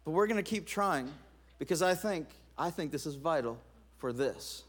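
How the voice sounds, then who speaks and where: A man's voice: fairly high pitch, moderate pace. A middle-aged male pastor preaching a sermon, telling stories with playful asides. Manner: animated storytelling with asides and laughs.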